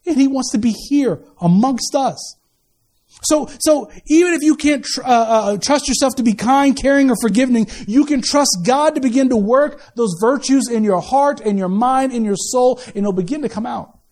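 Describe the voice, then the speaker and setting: A man's voice: extremely high pitch, normal speed, a little mellow. A man giving a sermon as pastor, casual and joking, often repeating his first words as he restarts. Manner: casual, joking preaching with many stammered restarts.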